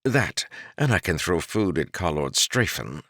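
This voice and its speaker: A wry court jester who mocks everyone with dry, knowing banter, as a man reading an audiobook puts him on. The voice sits low but swings widely in pitch. The recording is close and dry, with no room sound. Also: big pitch swings, measured pace, fairly bright tone, dry recording, exaggerated voice. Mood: teasing. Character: wry male court jester, mocking and worldly.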